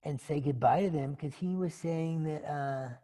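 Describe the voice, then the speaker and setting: A man's voice: fairly high pitch, moderate pace, dark tone. A man giving a dharma talk who retells a story in a rambling, conversational way, full of asides and fillers. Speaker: dharma teacher.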